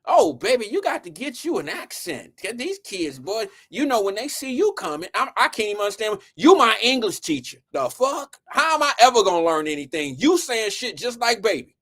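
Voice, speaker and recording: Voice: medium pitch, very animated, a little fast, few pauses, a bit bright. A performer putting on an older lady schoolteacher, prim and scolding, sweetly condescending, calls everyone baby. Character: older female seventh-grade English teacher, prim and scolding.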